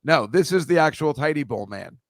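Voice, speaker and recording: A man's voice: a little high, animated, a little fast, dry recording, clean studio sound. A man hosting a casual comedy chat, teasing his guest with a guessing game of photo clues. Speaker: podcast host.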